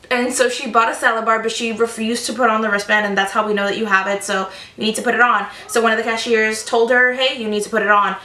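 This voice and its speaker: A woman in her twenties telling retail stories in a chatty, animated storytime vlog. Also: a little high. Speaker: vlogger. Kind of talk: casual storytime. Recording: echoey room, distant mic.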